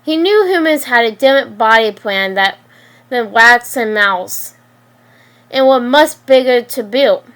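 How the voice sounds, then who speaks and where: A woman reading her own story aloud, halting, with frequent restarts and slips. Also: a little high, animated, a bit bright.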